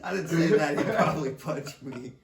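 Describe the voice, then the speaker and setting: A man's voice: on the high side, normal speed, gravelly, a loud crowd. A middle-aged man, a father, casually telling a rambling story on a podcast, laughing often and swearing freely. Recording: roomy sound from a distant mic.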